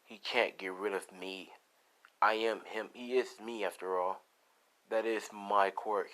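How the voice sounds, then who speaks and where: A man's voice: fairly low pitch, steady tone, a little slow, fairly bright tone, poor audio. Endeavor, a menacing brute of a father, as a man voices him. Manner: menacing, growling threats. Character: brutal power-hungry middle-aged male hero father.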